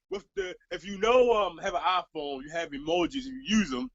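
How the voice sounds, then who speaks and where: A young man rants through a story to the camera in a casual, profane and exasperated way. His voice sits high and swings widely, with a gravelly edge and a bright tone. The recording is dry and a little dull. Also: big pitch swings, normal speed, hardly any pauses, no echo. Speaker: vlogger. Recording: slightly dull, dry lo-fi sound.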